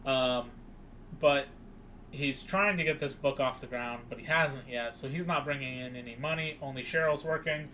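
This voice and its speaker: A young man co-hosting a podcast, recapping a film in casual chat and acting out the characters' lines in an animated way. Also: medium pitch, moderate pace, slight background noise. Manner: animated, acts out quoted lines with raised voice. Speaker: podcast co-host.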